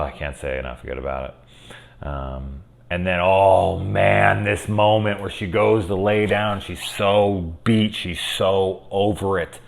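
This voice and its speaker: A man hosting a casual spoiler film review, excitable and rambling, swearing freely and saying "like" a lot. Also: low voice, gravelly.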